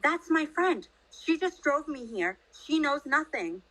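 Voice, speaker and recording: A woman's voice: mid-range voice, expressive, normal speed, a bit bright, low-quality recording. A woman reading the part of a determined young woman investigator, asking earnest, direct questions. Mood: worried.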